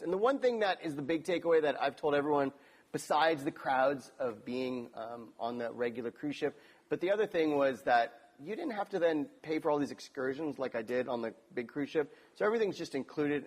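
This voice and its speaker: A man's voice: a little high, animated, brisk. A man hosting an interview, talking in an enthusiastic, friendly way while recommending a trip. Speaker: interview host. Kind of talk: casual interview chat.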